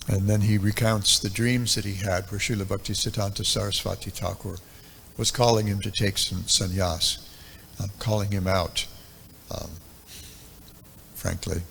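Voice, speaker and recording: A low-voiced man in his seventies gives a devotional lecture, recalling old memories in an unhurried, reflective way. His voice has a gravelly texture, and his talk is full of ums and uhs. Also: steady tone, fairly bright tone, a little hiss or hum. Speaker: temple speaker.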